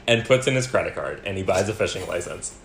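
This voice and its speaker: A young adult podcast co-host chatting casually, rambling with many fillers and telling stories in an animated way. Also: deep voice, fast, gravelly. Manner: animated storyteller. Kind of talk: casual chat. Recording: roomy echo, faint background hum.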